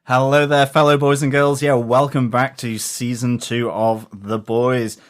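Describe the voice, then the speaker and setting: A man co-hosting a podcast in casual chat, joking and chiming in with quick remarks. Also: medium pitch, little pitch movement. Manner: jokey, quick interjections. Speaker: podcast co-host.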